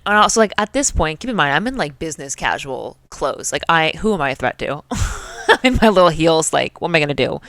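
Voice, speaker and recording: A young adult woman hosting her show, telling a story in a chatty, animated way full of fillers. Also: sits low, brisk, dry recording, clean studio sound. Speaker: podcast host. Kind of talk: casual storytelling.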